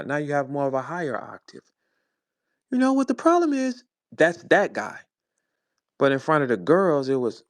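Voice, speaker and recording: Here a fairly high-pitched man swings his pitch wildly while keeping a moderate pace and pausing often. He's a battle rap personality in his forties from St. Louis, ranting angrily and profanely as he mocks someone on the show he hosts. The sound is dry and studio quality.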